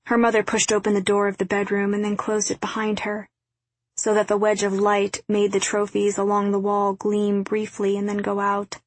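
A woman reading a novel aloud as narrator, in a quiet, even storytelling delivery. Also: mid-range voice, normal speed, no room sound. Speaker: audiobook narrator. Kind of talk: scripted narration.

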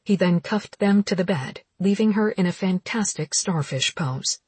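A woman narrating a romance novel as an audiobook in steady, intimate storytelling. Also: lowish voice, normal speed, slightly rough, no room sound.

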